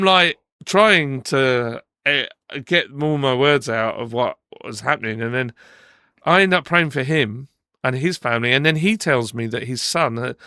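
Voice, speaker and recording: A man co-hosting a podcast, telling a personal story in casual chat, animated and acting out what people said, with frequent restarts. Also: mid-range voice, clear, resonant tone, dry recording, studio quality. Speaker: podcast co-host. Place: podcast studio.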